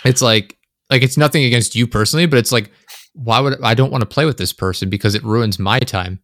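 A young man chatting casually on a podcast, rambling and animated, swearing often, close to his microphone. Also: mid-range voice, a little fast, no echo. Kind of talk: casual chat. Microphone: close desk microphone.

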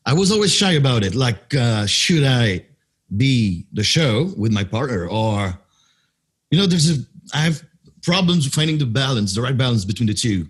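A man's voice: mid-range voice, sing-song, moderate pace, breathy edge. A man from France with a French accent, a wrestling announcer and guest explaining at length and sometimes searching for words. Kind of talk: interview conversation.

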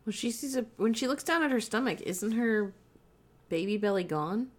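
A woman's voice: on the high side, animated, moderate pace. A woman in casual chat asking about a film's plot and swearing offhandedly.

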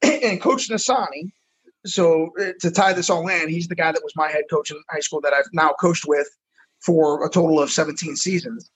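Earnestly and frankly, a middle-aged football coach from the United States recounts his life in a conversation, often repeating words. He speaks at a moderate pace with a fairly high, breathy-edged voice, captured in a low-quality recording.

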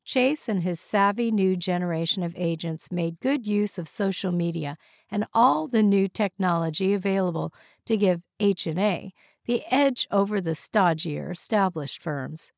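A woman reading a novel aloud as audiobook narrator in an even, measured way. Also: mid-range voice, vocal fry, dry recording, studio quality.

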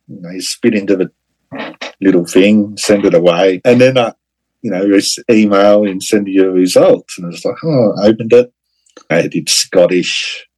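Low husky Australian man. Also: darkish tone, rough recording. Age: 40s. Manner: rambling, full of "you know" fillers. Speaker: guest. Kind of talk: personal storytelling interview.

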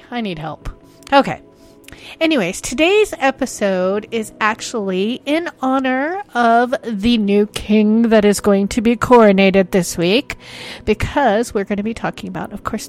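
A woman hosting a podcast who chats casually with a giggly, self-mocking manner, then narrates a folk tale into a desk microphone. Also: mid-range voice. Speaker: podcast host. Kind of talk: casual chat and storytelling narration.

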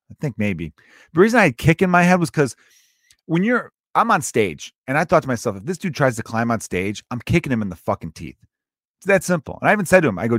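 Profane, animated comedian, dry sound. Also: male voice, medium pitch, fast talker, no room sound. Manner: profane, animated, acts out the quotes. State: grieving. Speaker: stand-up comedian. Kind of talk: casual storytelling monologue.

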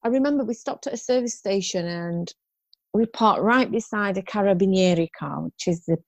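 A woman's voice: mid-range voice, normal speed, dry recording. A woman in her fifties, a guest in an interview, telling her story frankly and ramblingly, with restarts and rueful laughs.

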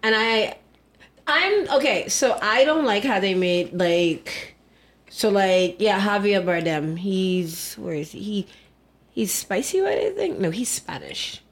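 A woman's voice: medium pitch, animated, slow. Chatty, opinionated young woman podcaster. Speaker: podcast co-host. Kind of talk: casual chat.

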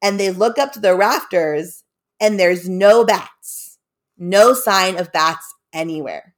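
A woman retelling a spooky story in a loose, chatty way, peppered with "like" and "kinda". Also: on the low side.

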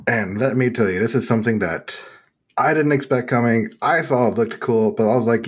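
A man from Texas hosting a casual gaming podcast, laughing often and making animated asides. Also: medium pitch, a little fast, husky. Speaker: podcast host.

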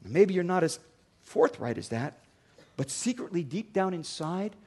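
Male pastor, high-pitched, dynamic sermon delivery with loud acted-out exchanges. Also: sing-song, unhurried, husky. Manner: dynamic preaching, acts out dialogues with rising volume.

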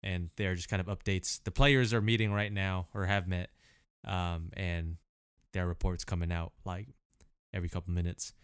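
A man with a lowish, smooth voice talks in a relaxed, slangy podcast chat. The sound is dry and close, with no room around him. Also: normal speed, dry recording. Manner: laid-back, slangy, laughs often. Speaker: podcast co-host. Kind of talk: casual chat.

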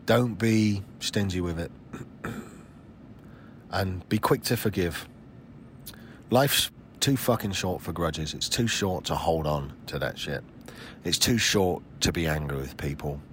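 A man's voice: low voice, measured pace, pauses often, slight background noise. A man in his forties hosting a solo podcast, talking in a blunt, emphatic way with frequent swearing. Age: 40s. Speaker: podcast host.

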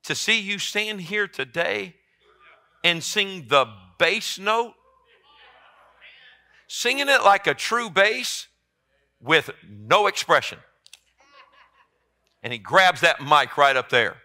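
Impassioned pastor, bright voice. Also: male voice, animated, slow, long pauses. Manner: impassioned, rising to loud emphatic peaks then dropping low. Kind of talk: sermon.

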